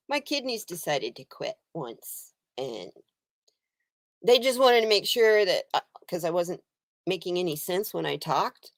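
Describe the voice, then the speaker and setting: On a dry recording, a woman in her sixties speaks in a lowish, unhurried voice with lively intonation. As host of a casual live stream and a card reader, she tells a story, interrupts herself to greet viewers, and laughs often.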